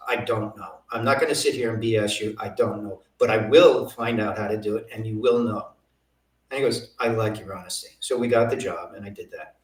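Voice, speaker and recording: An older man, a guest in an interview, telling lively anecdotes and acting out what others said. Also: medium pitch. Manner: animated anecdotes, acting out quoted voices. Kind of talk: storytelling interview. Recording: roomy, from a distance.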